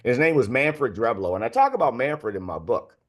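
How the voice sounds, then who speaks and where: Older male podcast guest, sixties, mid-pitched, chatty storyteller who leans on filler phrases. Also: sing-song, a little fast, a bit bright. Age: 60s. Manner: candid, anecdotal, heavy on filler phrases. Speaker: guest author.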